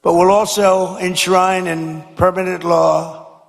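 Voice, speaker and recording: A man's voice: sits high, flat delivery, slow, vocal fry. An older man giving a rally speech to a crowd, rambling and emphatic, with repetitive slogans. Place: large school venue. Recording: long echo of a large hall.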